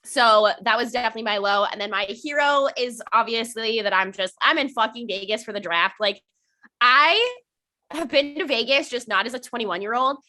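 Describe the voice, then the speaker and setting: A woman's voice: a little high, moderate pace, sharp tone. A young woman co-hosting a podcast in casual chat, talkative, cursing often and laughing a lot. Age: young adult. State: hiccups. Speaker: podcast co-host.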